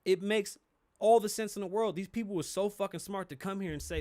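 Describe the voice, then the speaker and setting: Talking fast in a high voice with no room sound, this fired-up podcast host from the Bronx, New York, is in his thirties and delivers an opinionated solo rant. He's profane and emphatic, veering from shouts to mutters.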